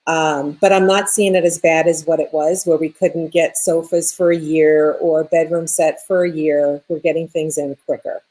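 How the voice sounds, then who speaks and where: Lower-voiced woman with a New York accent. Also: normal speed, few pauses. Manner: relaxed, thinking aloud with fillers. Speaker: interior designer, radio guest. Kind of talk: casual radio chat.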